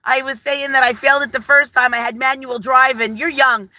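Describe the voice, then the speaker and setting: An older woman hosts a live stream from her phone, chatty and effusive, rambling from one story to the next. Her voice sits high and bright, recorded close and dry with no room sound. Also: level tone, a little fast, dry recording, rough recording. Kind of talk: casual live-stream chat.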